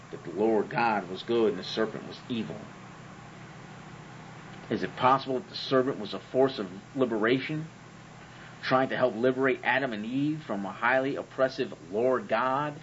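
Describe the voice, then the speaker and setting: A man's voice: mid-range voice, normal speed, a bit bright, muffled recording, slight background noise. A man hosting a comedic monologue on religion, sarcastic and profane, who keeps asking rhetorical questions. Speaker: host.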